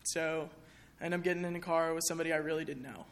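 A woman's voice: sits low, steady tone, fast talker. A young woman speaking candidly to an audience in a chapel, sharing a personal testimony in a conversational way with many fillers.

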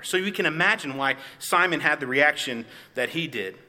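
A man's voice: fairly high pitch, lively intonation, normal speed, few pauses, bright, forceful tone. A man in his forties preaching a sermon, earnestly telling stories and acting out the voices in them. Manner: earnest storytelling, acts out quoted voices. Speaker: pastor. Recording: long reverb of a large hall.

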